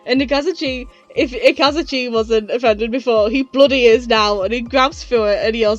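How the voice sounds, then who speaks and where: A woman with a fairly high voice gives a casual retrospective review, chatty and enthusiastic and quick to laugh. She sounds slightly out of breath. Faint music plays quietly behind her. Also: no room sound, dull audio.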